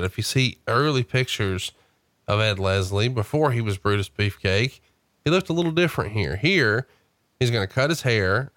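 A man's voice: medium pitch, a bit bright, no echo, clean studio sound. Chatty man hosting a podcast. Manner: chatty storyteller who reads out quotes. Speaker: host. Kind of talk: casual podcast conversation.

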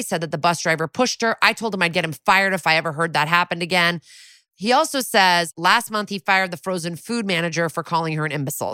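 Podcast lady chatting thru a recap, swears a bit, bright tone, dry mic. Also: lowish voice, dry recording. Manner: chatty, swears casually, lots of fillers. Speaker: podcast co-host. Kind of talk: casual episode recap.

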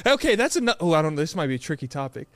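A man co-hosting a podcast in casual chat, animated storytelling with sudden jumps in his voice. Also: on the high side, very fast, dry recording. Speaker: podcast co-host.

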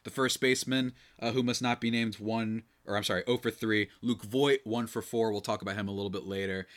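A man's voice: lowish voice, fairly quick. Chatty young man breaking down baseball. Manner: rambling, animated, self-interrupting. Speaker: podcast host. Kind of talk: casual sports commentary.

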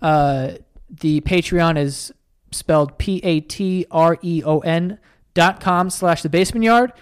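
A man's voice: a little high, a little slow, smooth. A young man from New hosting a podcast, telling stories animatedly and swearing a lot. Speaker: podcast host. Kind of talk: casual chat.

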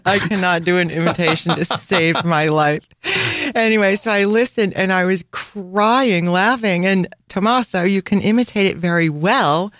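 A woman's voice: on the low side, normal speed, fairly bright tone. A woman hosting a travel podcast, chatting casually and reading out listener reviews. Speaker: podcast host.

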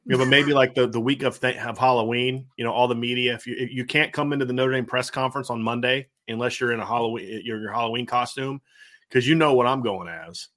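This is a sports podcast host, a man with a Savannah, Georgia accent. He talks fast in a loose, chatty way. His voice sits at a middling pitch, and he stacks up excitable, rambling sentences. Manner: excitable, rambling, repeats phrases. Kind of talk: casual sports podcast chat.

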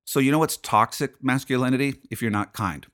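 A man's voice: medium pitch, fairly quick, fairly bright tone. Fired-up, emphatic preaching man. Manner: emphatic, preachy, rhetorical questions. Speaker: podcast host and pastor. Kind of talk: fired-up spoken monologue.

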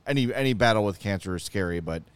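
Male talk-show host, smooth clear voice, exasperated animated rants. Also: fairly low pitch, fast talker, dry recording. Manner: animated, exasperated ranting with asides. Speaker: podcast host. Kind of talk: casual sports talk show chat.

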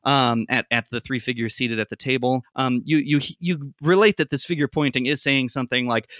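A game master narrating a tabletop game in a halting way, with many ums and frequent laughs. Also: medium pitch, fairly even intonation, fairly bright tone, no room sound, studio quality.

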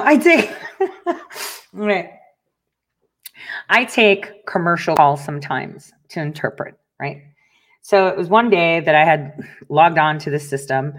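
A woman's voice: lowish voice, fairly bright tone. A middle-aged woman hosting her own online show, telling stories in a casual rant, laughing often and swearing freely. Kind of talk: casual ranting monologue.

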